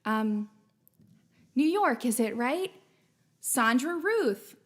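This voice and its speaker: A woman hosting a livestreamed variety show, reading a mock sponsored ad with an over-bright, satirical salesy delivery. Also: on the high side, big pitch swings, very slow.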